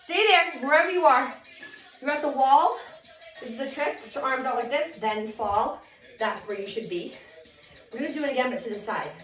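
A woman's voice: high-pitched, moderate pace. Woman instructor leading cardio, slightly out of breath, hypes everyone up, music playing faintly behind. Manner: energetic, counts reps and cheers on. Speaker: fitness instructor. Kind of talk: coaching a workout. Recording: echoey room with music.

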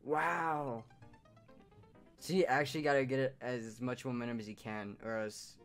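A man giving casual commentary over his own gameplay, with hiccups, swinging between loud surprised outbursts and low muttering. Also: moderate pace, soft background music. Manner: excitable, shouts in surprise then mutters low. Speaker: gaming YouTuber.

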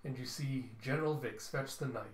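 A man's voice: mid-range voice, brisk, echoey room, rough recording. A man casually retelling a comic book story, scene by scene. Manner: casual, animated. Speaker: comic reviewer.

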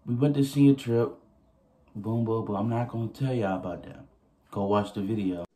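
A young man telling a story casually to his viewers, animated and profane, often laughing as he goes. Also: fairly low pitch, moderate pace. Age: young adult. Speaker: vlogger.

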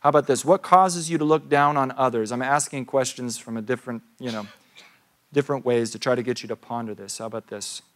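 A man's voice: medium pitch, a little fast. A man in his thirties, a pastor giving a sermon in a church, telling a story and asking questions in a conversational way.

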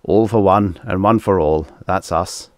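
A man's voice: low voice, measured pace, no echo, studio quality. A man voicing a glum, reluctant alien male lieutenant who grunts grudging answers in a storybook reading.

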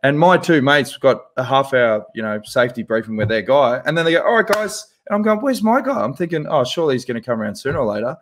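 A man, a podcast co-host telling a profane, animated anecdote in casual chat. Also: medium pitch, quick pace, few pauses. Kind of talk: casual storytelling.

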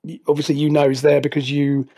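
A man's voice: a little high, monotone, fast, mellow. A man narrating as game master of a tabletop game over a voice call, rambling and restarting often. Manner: rambling, many restarts and fillers. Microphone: voice call headset.

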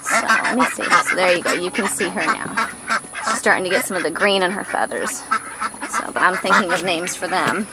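A woman giving a casual farm tour as a vlogger, often switching to a high, cooing baby-talk voice for the animals. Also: moderate pace, heavy background noise. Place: outdoors on a farm. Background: background music.

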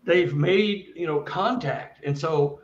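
A somewhat high-pitched man tells his story as a guest speaker, earnest and rambling, often restarting his sentences. His voice sounds echoey and a little muffled, as if heard over a remote link. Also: slow pace, background noise. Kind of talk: casual first-person storytelling.

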